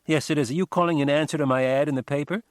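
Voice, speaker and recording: A man voicing a young woman, a former magician's assistant, who talks quickly and in a businesslike way. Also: fairly high pitch, fairly even intonation, no room sound, studio quality, pitched above the performer's own voice, close to an everyday voice. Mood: brisk.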